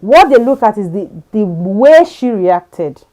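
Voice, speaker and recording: A woman hosting a casual interview chat, speaking in a measured, careful way that drops low at the ends of phrases. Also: big pitch swings, warm tone. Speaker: host.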